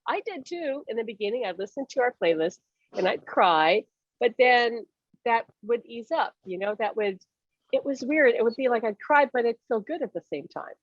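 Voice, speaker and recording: Animated woman medium, dull dry sound. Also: on the high side, normal speed, dry recording. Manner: animated, acts out voices, laughs often. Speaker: medium giving readings. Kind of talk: casual reading over a call.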